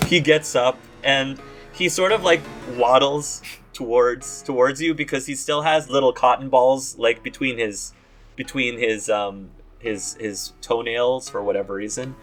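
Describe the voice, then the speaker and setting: A man's voice: medium pitch, a little slow, faint music behind. A man narrating a tabletop game as game master in a casual, rambling way. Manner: casual, rambling, many fillers.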